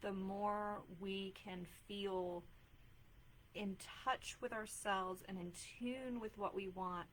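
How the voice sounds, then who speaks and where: In casual live-stream talk, a woman in her thirties who works as a mom life coach gives earnest advice chattily, using plenty of filler words. Her medium-pitched voice is steady, slow, and a bit bright, and the poor audio has slight background noise.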